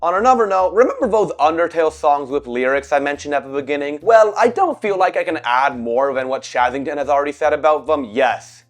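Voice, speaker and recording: A man in his twenties with a scratchy, cracking voice, giving profane, animated commentary on a video game. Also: a little high, fairly quick, few pauses, no echo. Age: 20s. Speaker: video essayist. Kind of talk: ranting commentary.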